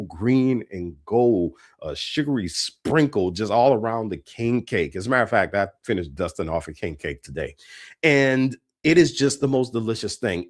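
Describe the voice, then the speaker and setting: New man, keynote storyteller, lively pitch swings, fairly low voice. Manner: animated, repeats words for emphasis. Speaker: keynote speaker.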